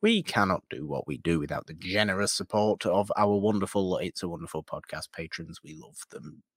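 A man's voice: low voice, brisk, slightly rough, dry recording, studio quality. A man co-hosting a podcast, reading out links and plugs in a casual outro. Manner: reads off plugs and links in a steady list. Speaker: podcast co-host.

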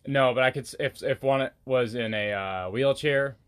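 A man's voice: medium pitch, normal speed, fairly bright tone, smooth. Young man laughing easily in casual chat. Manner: laughing, joking, hesitant.

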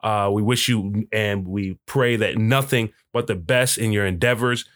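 A man hosting a podcast, wrapping up the show in a relaxed, casual way and often saying "man". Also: fairly low pitch, measured pace, dry recording, clean studio sound. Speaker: podcast host.

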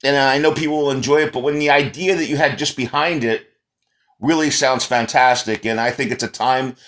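A man hosting an interview, talking in a casual, halting way with many restarts and fillers. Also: medium pitch, fairly even intonation, a bit bright. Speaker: host.

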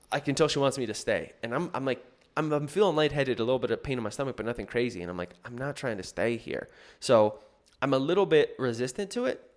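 A man telling a personal story in a casual, rambling way, full of fillers and restarts. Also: medium pitch. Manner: rambling, filler-heavy, self-correcting.

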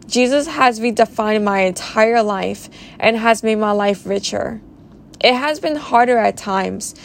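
A woman's voice: medium pitch, creaky, slight background noise. A woman hosting her own podcast, sharing a heartfelt personal faith testimony in an earnest, emotional, reflective way. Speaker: podcast host.

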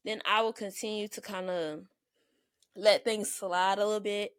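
Fast-talking Southern woman, dry close sound. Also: mid-range voice, fairly even intonation, a bit bright, dry recording. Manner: fast-talking, words jumbling together. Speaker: podcast co-host. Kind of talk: casual chat.

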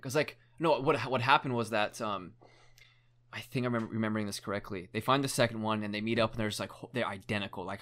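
A man's voice: on the low side, a bit bright. A young man in casual chat, retelling a documentary story in a rambling way, full of "like" and casual swearing.

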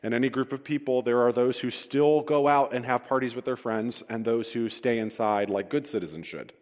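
Male pastor, vivid storytelling sermon, wry humor, mid-pitched voice, long hall echo. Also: a little fast, a little mellow. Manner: storytelling, self-deprecating humor, reads scripture aloud.

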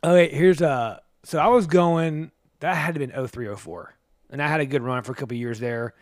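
Animated storytelling man, dry close mic. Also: fairly high pitch, a little fast, no echo. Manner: animated storyteller, acts out quotes. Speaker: podcast co-host. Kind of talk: casual chat.

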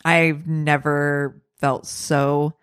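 A woman co-hosting a podcast, gushing, with quick little reactions. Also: low-pitched, level tone, smooth, no echo, studio quality. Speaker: podcast co-host. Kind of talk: casual chat.

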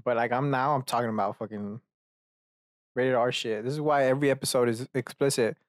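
A man's voice: mid-range voice, fairly even intonation, brisk, no echo, studio quality. Rambling, profane man hosting a solo podcast. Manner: rambling and profane, self-mocking asides. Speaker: podcast host.

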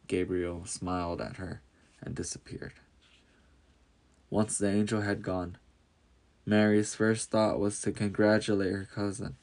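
Low, gravelly male storyteller. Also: flat delivery, measured pace, pauses often, a little mellow. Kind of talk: scripted storybook narration.

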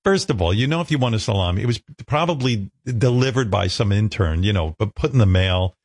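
A man's voice: lowish voice, a little fast, breathy edge, no room sound. A man hosting a radio show, telling stories in a casual, joking way with some swearing. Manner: joking, profane, animated storytelling. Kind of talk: casual chat.

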